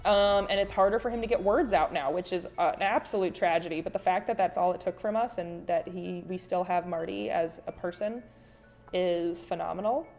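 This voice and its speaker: A woman's voice: fairly low pitch, brisk, a little mellow, faint music behind. A woman hosting a casual art livestream. She rambles with many fillers and restarts, reads viewer chat aloud, and calls people "sweet bean" and "honey.". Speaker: artist and livestream host.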